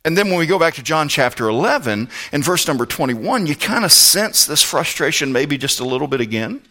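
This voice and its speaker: A male pastor delivers a sermon in a very bright, sharp-edged voice. His pitch moves a lot, dropping into quiet, low asides and rising into loud, pleading passages. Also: sing-song, brisk.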